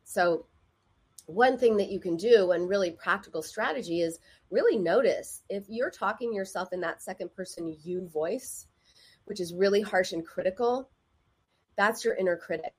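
A woman's voice: medium pitch, normal speed, slightly rough. A woman therapist giving advice in a casual, conversational way, often acting out the voices of people she quotes.

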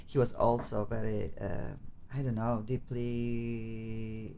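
A woman's voice: extremely low pitch, flat delivery, takes it slowly, gravelly, warm tone, lo-fi sound, a little hiss or hum. A woman hosting an interview show, effusive and searching for English words. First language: Polish. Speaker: host.

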